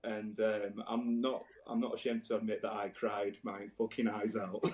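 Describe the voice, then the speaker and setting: A man's voice: fairly low pitch, normal speed, few pauses, a little mellow, echoey room, a little hiss or hum, rough recording. A man, telling stories casually on a podcast, rambling with lots of "like" and swearing. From Halifax, England. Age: 30s. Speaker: podcast host. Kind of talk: casual storytelling chat.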